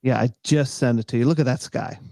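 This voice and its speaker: A man's voice: mid-range voice, steady tone, fast talker, gravelly, dark tone, no room sound, clean studio sound. A middle-aged man co-hosting a casual chat show, rambling with many fillers and restarts. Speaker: podcast co-host.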